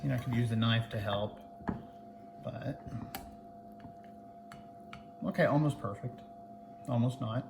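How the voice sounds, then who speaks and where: A man's voice: medium pitch, measured pace, long pauses, reverberant, noisy background. A man hosting a casual home cooking demo, chatty and playful as he talks to viewers. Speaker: cooking channel host. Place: home kitchen.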